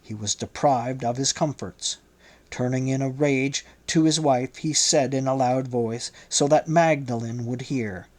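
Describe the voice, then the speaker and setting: A man reading a novel aloud as an audiobook narrator, in a measured way. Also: medium pitch.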